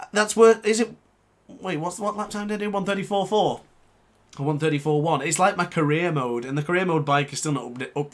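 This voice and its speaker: A man's voice: on the high side, a bit bright. A man giving live commentary on a racing game, muttering and scolding himself often. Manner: frustrated, muttering, self-critical. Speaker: gaming YouTuber. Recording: game engine noise behind voice. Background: motorbike game sounds.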